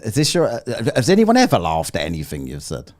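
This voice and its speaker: A man's voice: on the low side, wildly swooping pitch, quick pace, darkish tone. A British man hosting a live online debate, sarcastic, mocking and blunt with the callers. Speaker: livestream host.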